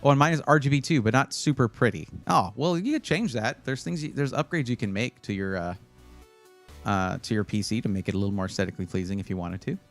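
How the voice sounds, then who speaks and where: Over soft background music, a man with a voice on the low side talks at a quick pace. He's running a casual livestream where he reads viewer comments and hands out rambling, playful advice on buying a computer, restarting phrases as he goes.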